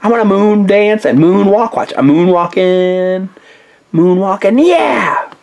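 Marshall, a man doing a giddy, high firefighter pup. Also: expressive, slow, vocal fry, darkish tone, heavily acted. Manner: giddy, showy. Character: peppy, goofy male firefighter pup.

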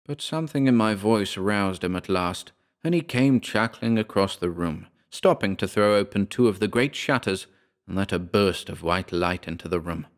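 Reading a horror story for an audiobook, a man speaks in a low-pitched voice at a slow, dramatic pace, falling to a hush when the story turns darkest.

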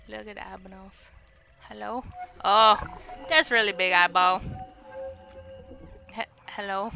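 A woman's voice: mid-range voice, slow pace, vocal fry, long pauses, dull audio, slight background noise. A woman streaming a video game, commenting live and yelping when she gets scared, on a desk microphone. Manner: excitable, shrieks and yelps when scared.

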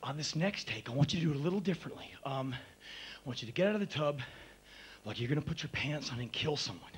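A man's voice: a little high, animated, fast, breathy edge. A man doing a coaxing film director. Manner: patient coaxing, then scolding. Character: exasperated male film director coaxing his actor.

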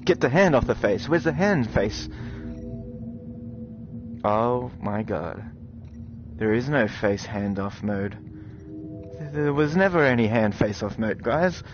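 An excitable man commentating on a game he is playing, addressing his viewers directly and exclaiming freely. His voice sits in a middle pitch. The recording is a little dull, with faint game music beneath. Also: slow pace, pauses often. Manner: excitable, swears, talks straight to viewers. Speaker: gaming video host.

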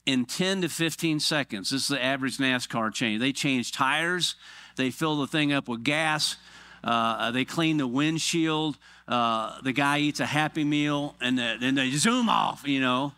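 A middle-aged man delivers a church sermon with a bright, ringing tone. The sound is dry and close to the mic. He keeps things playful, breaking into funny back-and-forth exchanges as he preaches. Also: mid-range voice, no echo. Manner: joking, animated storytelling with quick voiced asides. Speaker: pastor.

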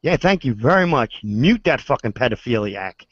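A man's voice: medium pitch, very animated, normal speed, dry recording. A man from Pennsylvania in a heated online argument, profane, taunting and repetitive. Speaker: chat room participant. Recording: dull dry lo-fi internet audio.

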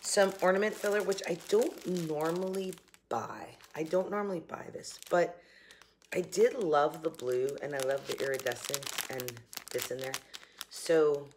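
A woman's voice: deep voice, fairly even intonation, a little slow, a little mellow, slight background noise. A middle-aged woman with a Southern accent and a slight morning cough, chatting casually to camera from her kitchen. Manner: chatty, laughing, upbeat. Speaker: vlogger. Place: home kitchen.

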